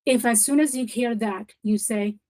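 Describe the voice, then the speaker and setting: A woman's voice: on the high side, normal speed, mellow, low-quality recording. Encouraging woman presenting a webinar. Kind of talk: professional development webinar talk.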